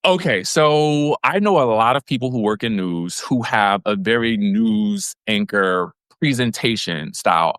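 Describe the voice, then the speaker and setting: A man co-hosting a podcast, telling stories in an animated, expressive way during a casual chat. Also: fairly low pitch, unhurried, hardly any pauses, clean tone, dry recording, studio quality. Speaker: podcast co-host.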